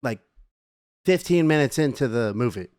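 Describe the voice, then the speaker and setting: A man's voice: medium pitch, animated, normal speed, a little mellow, no room sound, studio quality. A young man, a podcast co-host, telling a rambling story in casual chat, full of fillers and swearing.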